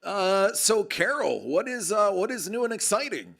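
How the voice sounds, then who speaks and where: A man's voice: sits high, sing-song, normal speed, gravelly, fairly bright tone. A man hosting a casual live stream, projecting his voice into a close microphone in a jokey, chatty way. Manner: projected, radio-style delivery; jokey, chatty, reads out viewer comments. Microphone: close desk microphone with level meter.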